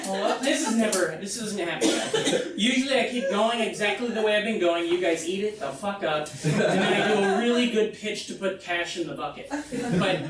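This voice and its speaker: A man's voice: high voice, normal speed. A male comedian rambles through an incredulous, profane story in a solo stage show. His voice rings through a very echoey room and is picked up from some distance, with faint noise around it. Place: festival theater stage.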